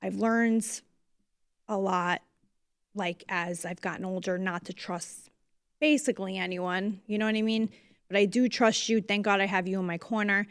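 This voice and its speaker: A woman's voice: medium pitch, fairly even intonation, normal speed, clean tone, no echo. A woman with a New Jersey accent talks on her podcast, holding back tears, frank and loose with her swearing. Her voice sinks at times to near whispers. The sound is dry and close. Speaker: podcast host. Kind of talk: emotional casual podcast talk.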